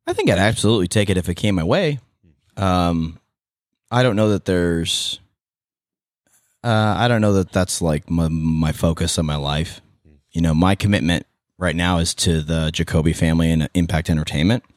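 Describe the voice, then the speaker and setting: Low-voiced Californian man, rambling podcast guest. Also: moderate pace, no echo, clean studio sound. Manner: rambling, many restarts and fillers, animated asides. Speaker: podcast guest, former radio host and event MC. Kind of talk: casual interview chat.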